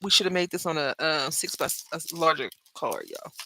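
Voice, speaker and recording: A woman hosting a craft channel, chatting with viewers while she makes a card, calling them "y'all" and jumping between loud remarks and hushed asides. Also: deep voice, animated, brisk, slight background noise. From Brazil. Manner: chatty, talks straight to viewers, lots of "y'all". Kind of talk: casual chat while crafting live.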